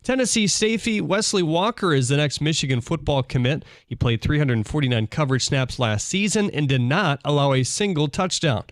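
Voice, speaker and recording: Brisk male update anchor, slightly high voice, dry studio read. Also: lively intonation, no room sound. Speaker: sports news update anchor. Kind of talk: scripted news update. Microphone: studio microphone.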